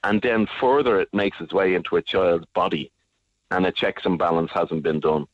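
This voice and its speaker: A man's voice: low-pitched, moderate pace, no room sound. A man speaking on a radio interview, angry and emphatic, repeating his points with force. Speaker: guest advocate. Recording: dull lo-fi radio sound.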